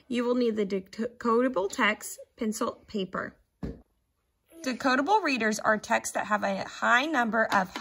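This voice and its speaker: A woman teacher at home in her living room, explaining a reading activity to parents and reading short texts aloud very slowly and clearly. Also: fairly high pitch, a bit bright. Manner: reads story text very slowly and clearly, sounding out words.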